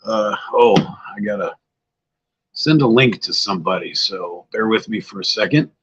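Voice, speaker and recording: A man's voice: on the low side, moderate pace, breathy edge, lo-fi sound. An older man hosting a casual livestream, tired and a bit scatterbrained, chatting loosely with viewers. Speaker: livestream host. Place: outdoors-like spot at home.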